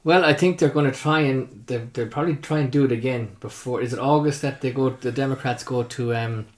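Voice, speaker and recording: A man, a podcast guest in casual chat, speaking haltingly and restarting sentences. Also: mid-range voice.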